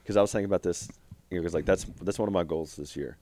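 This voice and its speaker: A man's voice: low-pitched, very fast, mellow. A young man co-hosting a casual podcast with friends by a fire, rambling in a laid-back way with many fillers. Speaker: podcast co-host. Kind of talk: casual chat among friends.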